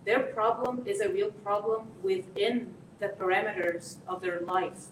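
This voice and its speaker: A woman's voice: mid-range voice, unhurried. A woman giving a parenting lesson to an audience. She acts out parents and teenagers and keeps asking "okay?". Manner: lively, acts out parent and teen voices, repeats "okay?". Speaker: parenting workshop speaker. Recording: echoey room, voice from a distance, faint noise.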